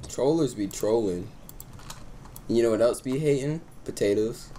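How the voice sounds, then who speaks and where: A young man hosting a casual gaming chat, excitable and teasing, breaking into high yelps over a headset mic. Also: a little slow, slight background noise. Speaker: let's play host.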